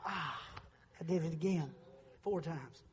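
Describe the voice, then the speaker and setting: A middle-aged male pastor preaching a sermon in a church, moving from quiet storytelling to shouted preaching. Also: a little high, unhurried, husky, in a large hall. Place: church sanctuary.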